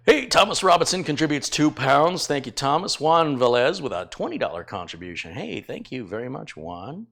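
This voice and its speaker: A man's voice: medium pitch, sing-song, moderate pace, gravelly, hardly any pauses, a bit bright. A middle-aged man hosting a live stream from his kitchen, chatting casually, teasing and rambling with fillers as he thanks viewers. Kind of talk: casual live-stream chat reading donations. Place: home kitchen.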